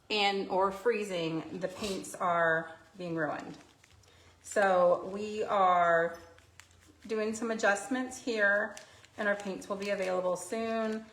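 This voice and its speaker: A woman's voice: mid-range voice, a bit bright. A woman hosting a live painting tutorial indoors, chatty and self-deprecating, laughing easily as she explains her steps. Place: indoor craft studio under filming lights. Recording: roomy echo, faint noise.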